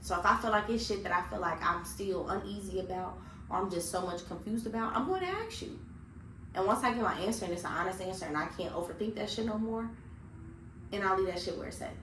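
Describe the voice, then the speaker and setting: Lowish-voiced woman talking blunt and reflective on a podcast, echoey room, slight hiss. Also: a bit bright. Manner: blunt, reflective, swears freely. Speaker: podcast co-host. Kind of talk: casual chat. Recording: echoey room with faint noise.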